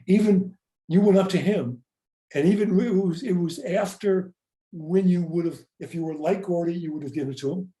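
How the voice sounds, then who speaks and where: A man's voice: high-pitched, moderate pace, mellow, roomy sound. An older man hosting a podcast, reflecting earnestly and often repeating words as he speaks. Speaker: podcast host. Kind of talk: reflective interview talk.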